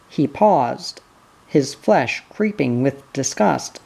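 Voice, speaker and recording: A measured, steady audiobook reader who narrates at an unhurried pace. The voice has a rough, gravelly texture. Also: mid-range voice.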